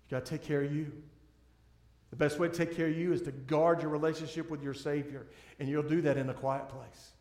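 A man's voice: on the high side, fairly even intonation, a little fast, vocal fry, a little mellow. A man preaching a sermon as pastor, earnest and pleading, often restarting his sentences. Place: church sanctuary. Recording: echoey church room.

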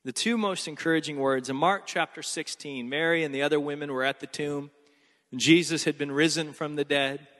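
A man's voice: fairly high pitch, fairly even intonation, a little fast, a bit bright, in a large hall. A man preaching a sermon as pastor, emphatic and repeating key phrases.

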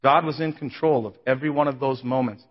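A man preaching, telling his own story with emotion, his voice swelling loud and falling to a hush. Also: fairly even intonation, fast talker. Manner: emotional testimony, voice swelling then dropping low. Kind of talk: sermon. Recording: dull sound in a big reverberant hall.

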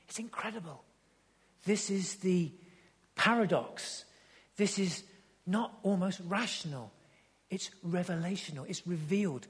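A man preaching a sermon with passion, swinging from loud urging to hushed tones and repeating words as he builds each point. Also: high voice, husky. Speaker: pastor. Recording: long hall reverb.

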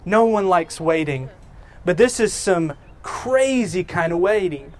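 A man's voice: high voice, expressive, a little slow. A man preaching a sermon, telling the story in a folksy, conversational way and acting out the characters' lines in casual voices. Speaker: pastor.

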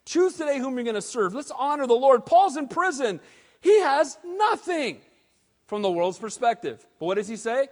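Man preaching, high voice, casual animated delivery, long hall reverb. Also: normal speed. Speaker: pastor. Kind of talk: sermon.

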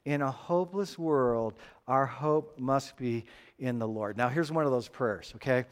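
A man preaching a sermon, telling a personal story with animated rises and drops and frequent restarts. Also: medium pitch, a little slow, big-room sound. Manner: animated storytelling, rising and falling, repeated restarts. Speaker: pastor.

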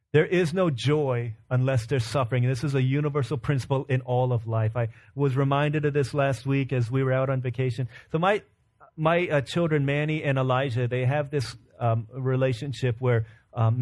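A man's voice: mid-range voice, a little mellow. A man in his thirties preaching a sermon, earnest and storytelling, breaking into laughs and acting out the voices in his stories. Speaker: pastor.

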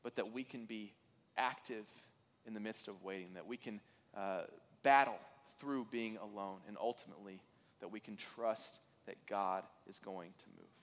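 A man's voice: lowish voice, moderate pace. A man preaching a sermon as pastor, earnest and conversational, with occasional fillers and restarts. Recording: reverberant hall.

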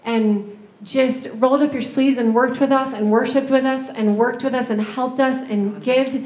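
A woman's voice: sits high, steady tone, normal speed, darkish tone. Tearful woman giving a church farewell. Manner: tearful, heartfelt. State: crying. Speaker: pastor's wife. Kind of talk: emotional farewell address. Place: church sanctuary. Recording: echoey church sanctuary.

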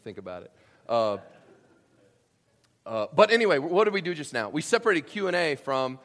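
A man's voice: a little high, sing-song, moderate pace, pauses often, a bit bright. A pastor speaking casually to his church during a Q and A, joking and throwing in sarcastic asides. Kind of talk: live church Q and A and sermon. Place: church sanctuary.

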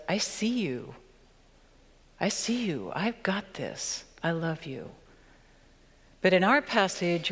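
A woman pastor reading scripture and preaching a sermon in a measured, earnest way, slowing down for emphasis. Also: lowish voice, long reverb tail.

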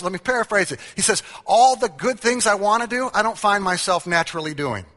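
A middle-aged man with a medium-pitched, fairly bright voice preaches a humorous sermon in a large church hall, and the recording carries long reverb. He tells family stories, acting out quotes and making self-mocking jokes.

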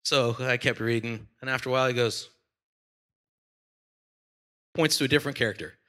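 A man who is a senior pastor, preaching a sermon in a church with animated, playful storytelling. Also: mid-range voice, normal speed.

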